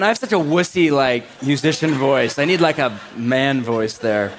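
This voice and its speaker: A male pastor preaching a sermon in a relaxed, conversational way, joking and saying "like" a lot, to a live congregation in a church. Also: mid-range voice, moderate pace, slight background noise.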